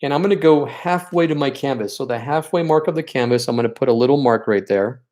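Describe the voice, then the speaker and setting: A man leads a live-streamed painting lesson at a relaxed, talkative clip. He encourages his viewers as he works through each step and gets openly sentimental about the students he misses. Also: medium pitch, fast. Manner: chatty and encouraging, talks while working. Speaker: art teacher leading a paint night.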